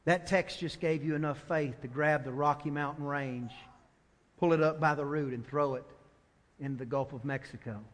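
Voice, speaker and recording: A male pastor preaching a sermon, swinging from soft asides to loud, emphatic declarations. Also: on the high side, fairly even intonation, normal speed. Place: church sanctuary. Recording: long church reverb.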